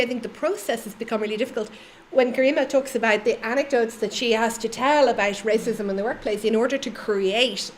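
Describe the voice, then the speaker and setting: Measured middle-aged woman guest. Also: fairly high pitch, slight background noise. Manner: steady, explanatory. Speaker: anti-racism trainer, guest. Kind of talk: measured discussion.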